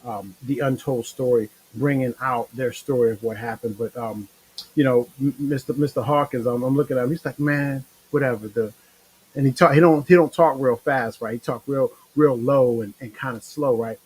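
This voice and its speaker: A man's voice: medium pitch, fairly even intonation, moderate pace, a little mellow, husky, poor audio. A tired man hosting a casual live-stream chat, rambling in a laid-back, slangy way with lots of fillers. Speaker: show host.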